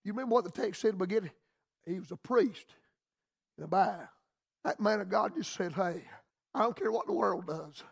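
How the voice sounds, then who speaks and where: A man's voice: high voice, fairly quick, creaky, long pauses, slightly rough. A man with a Southern US accent preaching a radio sermon in a folksy, down-home manner.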